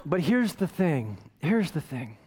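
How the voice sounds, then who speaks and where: A pastor telling a self-mocking story in a sermon, animated and often asking "right?". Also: male voice, a little high, takes it slowly, slight background noise. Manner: self-mocking, waves arms while talking.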